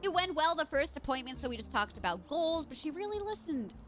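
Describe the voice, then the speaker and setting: A young woman streaming a video game live, reacting excitably with swearing and panicked shrieks. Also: high voice, a little fast, faint music behind.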